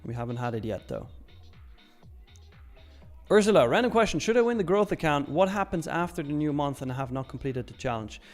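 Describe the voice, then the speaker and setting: A man's voice: a little high, expressive, a little fast, long pauses, soft background music. A young man hosting a live trading stream in casual chat, reading viewer questions aloud and answering them. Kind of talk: casual live market commentary.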